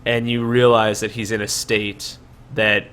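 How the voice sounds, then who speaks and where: A man's voice: lowish voice, level tone, a little slow, a bit bright, clean tone. A man narrating as dungeon master, rambling with many fillers and restarts. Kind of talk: narrating a tabletop game.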